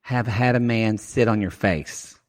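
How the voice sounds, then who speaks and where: A man's voice: fairly low pitch, measured pace, slight background noise. A man co-hosting a casual comedy podcast, recapping a reality show with crude, playful humor. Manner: crude, playful, puts on silly voices for bits. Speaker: podcast co-host. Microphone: podcast microphone.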